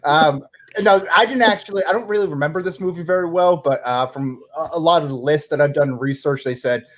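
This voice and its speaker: A man's voice: a little high, a little fast, fairly bright tone. A man co-hosting a podcast, easygoing and a bit hesitant, with lots of "uh" and "you know" in casual chat. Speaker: podcast co-host.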